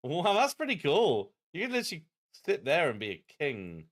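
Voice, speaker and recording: A man streaming a geography game, chatting in an animated, self-deprecating way. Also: fairly high pitch, fairly quick. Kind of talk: live-stream game commentary.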